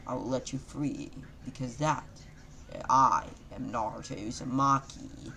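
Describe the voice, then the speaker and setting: A man doing a brash young ninja, rough and loud. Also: medium pitch, measured pace, slight background noise. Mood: defiant. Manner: shouty bursts, loose rhyming.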